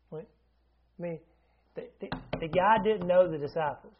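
A man's voice: a little high, fairly even intonation, normal speed, long pauses, muffled recording. A man preaching a sermon in a conversational teaching manner, often asking his listeners questions and restarting his sentences.

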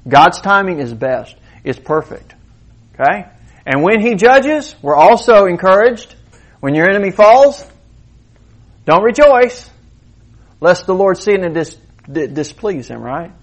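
A middle-aged man delivers a lively sermon. His voice sits a little higher than most men's, and he talks to the congregation like a conversation, firing questions at them and checking they follow. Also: measured pace, pauses often. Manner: conversational, animated preaching with direct questions to the congregation. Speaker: pastor.

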